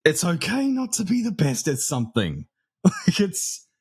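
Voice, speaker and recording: A man's voice: on the high side, huge pitch swings, moderate pace, breathy edge. A man with a New Zealand accent, a podcast guest chatting casually and laughing at himself. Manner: laughing, self-mocking, loose and chatty. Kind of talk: casual chat.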